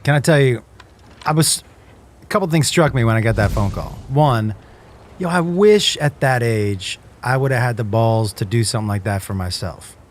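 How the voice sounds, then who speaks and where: A man's voice: medium pitch, animated, moderate pace, slight background noise. A middle-aged father talking emphatically about his son in a casual podcast chat. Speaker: father of the guest.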